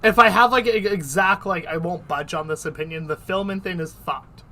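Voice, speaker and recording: A man with a bright, forceful voice pitched a little high, chatting on his livestream. He rambles and leans heavily on filler words, with plenty of swearing mixed in. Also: normal speed, dry recording. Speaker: streamer host. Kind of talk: casual livestream chat.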